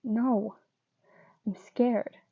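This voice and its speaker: A woman reading the part of a gentle, tearful young boyfriend in a soft, pleading way. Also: on the high side, steady tone, drawn-out words, gravelly, husky, dry recording, phone-quality sound, heavily acted.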